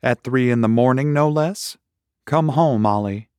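A man's voice: medium pitch, unhurried, darkish tone, clean tone, no echo, clean studio sound, pitched above the performer's own voice, close to an everyday voice. A man voicing a playful, sleepy wife who teases her husband in the night, in a read-aloud story. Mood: teasing. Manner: playful, teasing. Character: teasing drowsy wife woken at night.

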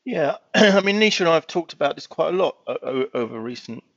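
A man's voice: fairly high pitch, lively intonation, brisk, dry recording, dull audio. A man on a finance panel discussion, rambling with frequent restarts.

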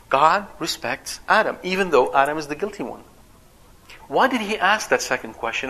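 Bright, animated male preacher. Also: a little high, moderate pace. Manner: animated, acts out quoted voices. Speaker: father. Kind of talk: sermon.

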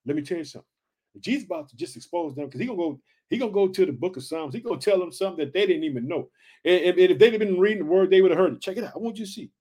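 A man preaching an energetic sermon to listeners he calls family, excitable and repeating himself as he reads scripture. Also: high voice, fast.

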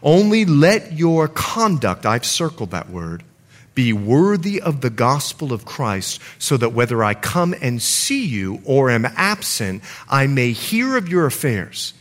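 A man's voice: mid-range voice, measured pace. A middle-aged man preaching a sermon as pastor, telling stories with acted-out quotes. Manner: storytelling with lively acted quotes.

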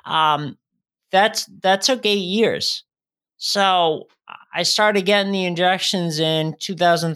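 Earnest man telling his story, halting. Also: fairly high pitch, a bit bright. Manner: earnest, halting, with frequent restarts. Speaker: guest, motivational speaker. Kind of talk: casual storytelling in a podcast interview.

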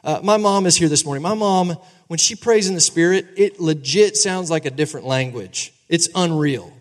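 A fairly high-voiced man in his thirties preaches to his congregation in a church sanctuary, his words ringing through a long hall reverb. He is animated and conversational, often checking that the listeners agree with him. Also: moderate pace. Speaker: pastor. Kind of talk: sermon.

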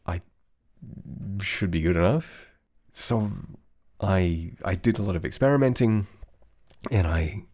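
A man's voice: sits low, darkish tone, husky. A middle-aged man with a faded Australian accent hosting a casual solo podcast from his home studio, rambling and often restarting his sentences. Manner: rambling, many restarts and self-corrections. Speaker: podcast host. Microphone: studio microphone.

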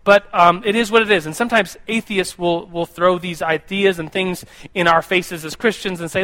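A man's voice: high voice, fairly even intonation, a little fast, few pauses, bright, forceful tone. A young man speaking casually to a group as a teacher of the Bible, often repeating words and stopping to ask the listeners questions. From United States. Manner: rambling, repeats words, asks the audience questions. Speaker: youth pastor or Bible teacher. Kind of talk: casual sermon to a live group.

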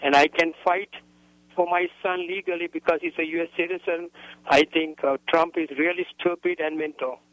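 A man from Sri Lanka calling into a radio show, emotional, halting and repetitive with many fillers. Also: fairly high pitch, fairly even intonation, a bit bright, dry recording. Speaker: caller. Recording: dull phone line sound, dry.

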